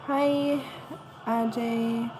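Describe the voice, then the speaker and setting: A woman with a German accent hosting a casual livestream at home, chatting with viewers, answering the chat and filling pauses with "um.". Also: a little high, fairly even intonation, background noise. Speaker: livestream host.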